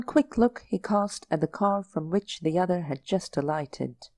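A woman narrates a story at a slow, measured pace. Her voice is mellow and warm, recorded close on a dry microphone with no room sound. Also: fairly low pitch, expressive, no echo. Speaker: audiobook narrator. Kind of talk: audiobook narration.

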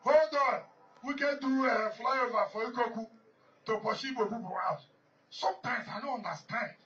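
Nigerian male politician, high voice, emphatic and repetitive, off-mic and muffled with faint hiss. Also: moderate pace, a bit bright, far from the mic. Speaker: politician addressing a gathering. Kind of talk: off-the-cuff public speech.

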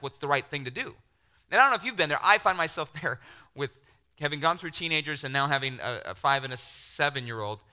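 A middle-aged man preaching a sermon, animated, acting out the voices he quotes and dropping to near-whispers. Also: medium pitch. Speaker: pastor.

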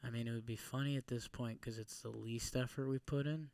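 A man co-hosting a podcast, chatting casually and joking excitedly while playing a guessing game. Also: medium pitch, brisk, vocal fry, no room sound. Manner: joking, excitable, jumps in loudly. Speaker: podcast co-host.

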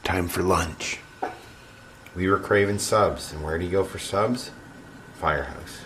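A man's voice: sits low, measured pace, fairly bright tone, a little hiss or hum. A man, joking around in a casual food vlog. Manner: playful, jokey. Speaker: vlogger.

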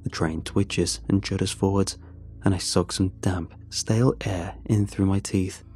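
A man narrating a first-person horror story in a measured, tense way. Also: low voice, fairly even intonation, darkish tone, slightly rough, soft background music.

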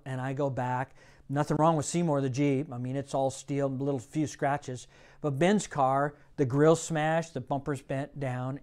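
A man's voice: mid-range voice, a little mellow. A male pastor preaching a sermon in church, telling a folksy story and rising to emphatic bursts. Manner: folksy, self-deprecating.

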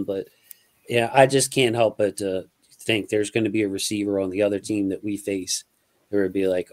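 A man's voice: on the low side, fairly even intonation, normal speed, a little mellow. Casual man talking football. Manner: loose and slangy, calls guest bro. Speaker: podcast host. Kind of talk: casual sports chat.

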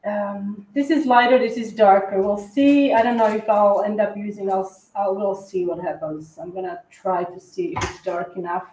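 A woman co-hosting a live cookie-decorating tutorial, chatting in a halting way with lots of fillers and restarts. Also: medium pitch, fairly even intonation, a little mellow, roomy sound, slight background noise, poor audio. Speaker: cookie decorating livestream co-host. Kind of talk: casual tutorial chat while decorating.

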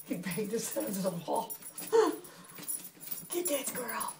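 A woman in a home video, cheering her dog on in an excited sing-song voice. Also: fairly high pitch, a little slow, vocal fry, pauses often, background noise. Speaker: dog owner filming her pet. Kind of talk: home video pet talk. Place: home room. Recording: echoey home room.

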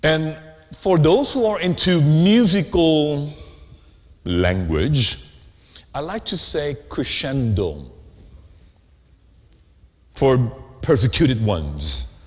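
A man preaching a sermon as pastor, animated, often asking the congregation questions. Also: medium pitch, slow pace, long pauses. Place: church sanctuary. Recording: long hall reverb.

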